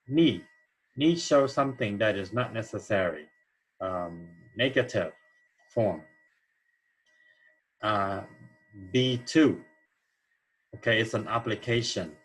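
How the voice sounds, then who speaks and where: A man with a low, husky voice walks through an English grammar lesson at an unhurried pace. He explains each answer plainly and keeps checking in with his students. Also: fairly bright tone, low-quality recording. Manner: slow, explanatory, checks in with "okay?". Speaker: English teacher.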